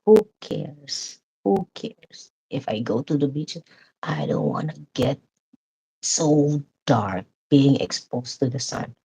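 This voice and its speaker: A woman's voice: extremely low pitch, measured pace, mellow, breathy edge, poor audio. A woman vlogger chatting casually, laughing as she talks and often restarting her sentences. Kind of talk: casual chat.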